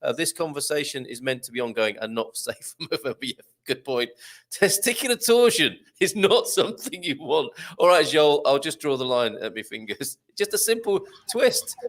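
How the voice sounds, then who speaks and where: A man's voice: a little high, lively intonation, normal speed, a bit bright. A man hosting a live chat show, reading out viewer comments in a jokey, chatty way. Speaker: host.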